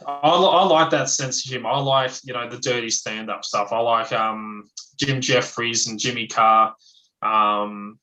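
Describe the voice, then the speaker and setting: An Australian man in a loose, casual chat, with a bright, forceful voice. He talks bluntly, swears without a second thought and laughs often. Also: mid-range voice, unhurried, low-quality recording. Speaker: livestream guest, ex-chef.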